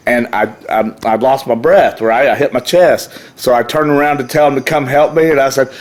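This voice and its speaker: A man's voice: medium pitch, moderate pace. This is a middle-aged man, a guest on a podcast who talks in a rowdy, profane way. His voice sits in the middle of a man's range. When he tells a story, he acts out the people in it. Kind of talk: casual storytelling.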